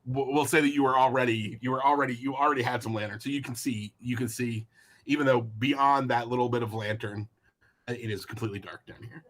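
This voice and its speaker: A man's voice: medium pitch, steady tone, fairly quick, fairly bright tone. A man acting as game master, describing the scene with frequent fillers and restarts. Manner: hesitant, lots of fillers and restarts. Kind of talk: running a tabletop game.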